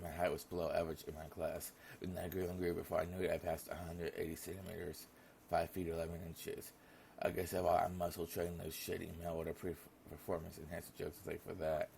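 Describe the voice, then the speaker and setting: A man's voice: low voice, flat delivery, fairly quick, creaky, darkish tone, a little hiss or hum. A young man reading a visual novel aloud in a casual manner, stumbling over names now and then. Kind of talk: reading game text aloud.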